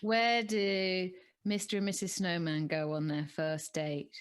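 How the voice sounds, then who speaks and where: A woman co-hosting a running podcast in casual chat, lively and quick to put on silly voices. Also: lowish voice, clean tone. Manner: chatty, animated, puts on silly voices when quoting. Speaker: podcast co-host.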